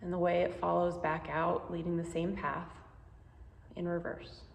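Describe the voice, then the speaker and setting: A woman guiding a meditation, speaking slowly and gently with soothing instructions. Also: lowish voice, little pitch movement, gravelly, roomy sound. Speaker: meditation guide. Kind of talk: guided meditation.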